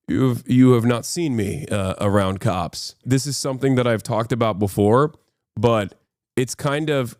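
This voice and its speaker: A man's voice: mid-range voice, a little mellow, no echo, clean studio sound. Rambling, profane male streamer commentator. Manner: rambling, profane, frequent restarts. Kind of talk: casual livestream commentary.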